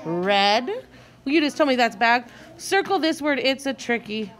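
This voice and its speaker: Her high, bright voice leads a guided reading lesson for young children. She is lively and encouraging, taking each difficult word slowly to sound it out and prompting the class to follow along aloud.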